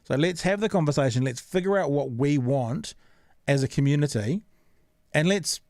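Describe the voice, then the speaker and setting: A man's voice: a little high, animated, normal speed, darkish tone, no room sound, studio quality. A man hosting a podcast in casual chat, earnest and reasoning things through with fillers and repeats. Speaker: podcast host.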